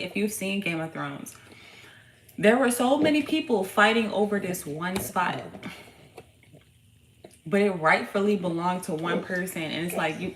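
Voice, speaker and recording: A woman hosting a casual tarot reading at home, talking in a slangy, profane, hyped-up way to her viewers. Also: on the low side. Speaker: tarot reader and channel host. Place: home room with her young son nearby. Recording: roomy echo with faint background noise.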